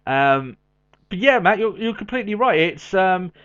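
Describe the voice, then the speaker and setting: Lively podcast man, dull lo-fi sound. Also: high-pitched. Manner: animated, quick asides, laughs often. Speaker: podcast co-host. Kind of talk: casual chat. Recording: dull lo-fi audio.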